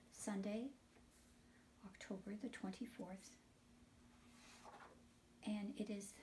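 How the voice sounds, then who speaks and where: Gravelly woman leading a children's liturgy. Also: medium pitch. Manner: animated storytelling, dropping to a whisper at times. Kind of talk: reading and explaining scripture to children. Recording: voice picked up from a distance.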